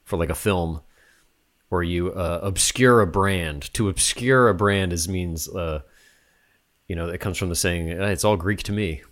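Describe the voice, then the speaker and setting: A man's voice: low-pitched, measured pace. A man co-hosting a podcast, chatting casually and wryly teasing his friends. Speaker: podcast co-host. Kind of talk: casual chat.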